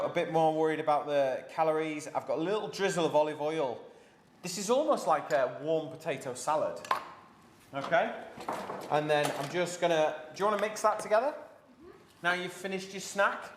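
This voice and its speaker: A man's voice: fairly high pitch, echoey room, noisy background. A man hosting a live cooking class from his home kitchen, chatting and joking with his daughter while he explains each step.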